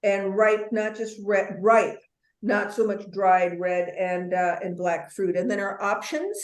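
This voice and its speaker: Leading a wine tasting webinar, a female instructor chats warmly in a mid-range, unhurried voice, tossing in playful asides and plenty of ums. The recording carries a roomy echo.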